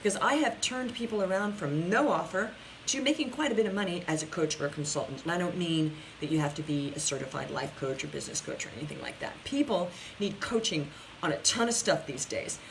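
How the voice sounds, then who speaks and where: A woman's voice: lowish voice, expressive, fairly quick, vocal fry, a little hiss or hum, low-quality recording. Upbeat woman coach on a live stream. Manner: upbeat, chatty, talks straight to viewers, frequent restarts. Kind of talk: casual live-stream talk answering viewer questions.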